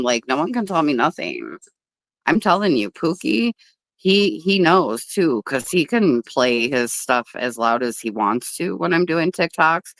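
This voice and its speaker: A woman's voice: extremely low pitch, fairly bright tone, no room sound. A woman hosting a casual livestream outdoors at a table, chatty and blunt and swearing freely. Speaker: livestream host.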